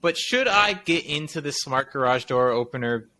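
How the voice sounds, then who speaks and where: A man's voice: mid-range voice, lively intonation, moderate pace, pushed and bright. A man co-hosting a tech podcast, chatting casually and wandering through long explanations that he corrects as he goes. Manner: rambling, self-correcting explanations. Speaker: podcast co-host.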